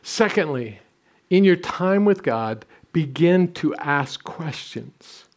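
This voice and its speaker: A man's voice: a little high, animated, slow pace. A man in his sixties preaching a sermon, telling stories with self-deprecating humor and some restarts. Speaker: pastor.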